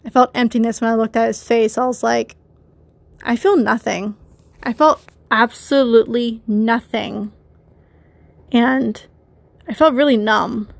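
A person with a feminine voice hosting a confessional solo podcast, talking haltingly with many restarts and addressing listeners directly. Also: female voice, a little high, steady tone, gravelly, no room sound. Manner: conflicted, rambling, talks to listeners. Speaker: podcast host.

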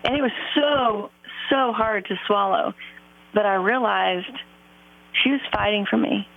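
A woman's voice: medium pitch, unhurried, gravelly. Earnest woman guest over a phone line. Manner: earnest, reflective, faith-centered, many fillers. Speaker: podcast guest, author and singer. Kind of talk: heartfelt personal storytelling in an interview.

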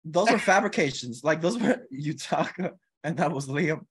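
A man co-hosts a casual podcast and answers with sassy, quick comebacks. His voice sits mid-range but moves with lively swings of pitch. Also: husky. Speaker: podcast co-host. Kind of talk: casual group chat.

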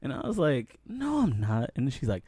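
A man's voice: medium pitch, huge pitch swings, a little fast, warm tone, husky, dry recording. A young man telling stories on a casual podcast, often saying "man, listen" as he gets going. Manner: storytelling, repeats "man, listen" and "you know what's so crazy". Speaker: podcast co-host. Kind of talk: casual chat.

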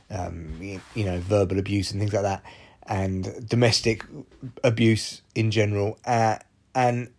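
A man hosting a podcast, talking candidly and swearing freely, rambling with restarts and side remarks. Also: mid-range voice. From Scotland. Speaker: podcast host. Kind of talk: casual monologue.

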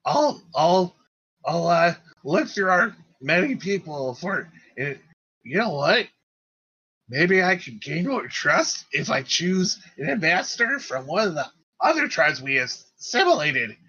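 A man voicing a small, proud male tribal leader in a tabletop game, in a high, excitable voice. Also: unhurried, breathy edge, full character voice. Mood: eager. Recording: dull lo-fi sound.

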